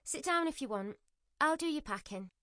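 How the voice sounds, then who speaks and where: A woman doing a calm, soothing cashier. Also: high-pitched, moderate pace, no room sound, studio quality, voice pushed up. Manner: soothing and reassuring. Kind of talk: scripted audiobook narration.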